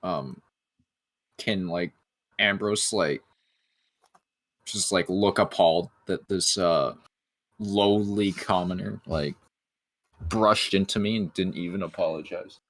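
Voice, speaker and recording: A man playing a tabletop game, talking slowly and hesitantly. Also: low-pitched, no room sound. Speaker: player.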